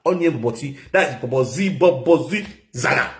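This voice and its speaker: A man talking in a rambling, casual monologue, swinging between low muttering and loud exclaiming. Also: expressive, fairly quick. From Nigeria. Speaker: social media personality.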